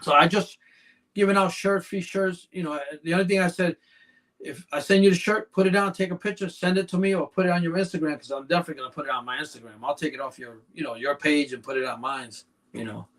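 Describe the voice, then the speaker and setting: His voice is fast, a touch bright, and on the high side, with fairly even intonation. He's a snake breeder on a podcast, casually rambling through long anecdotes and saying "you know" constantly.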